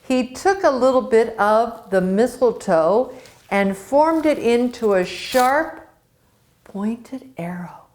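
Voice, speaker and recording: A woman storyteller telling a myth to children in a slow, expressive way. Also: fairly high pitch.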